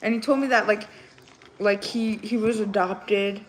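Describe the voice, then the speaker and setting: A woman's voice: medium pitch, steady tone, unhurried. A young woman hosting a casual livestream, chatting and rambling through a story with lots of fillers. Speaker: livestream host.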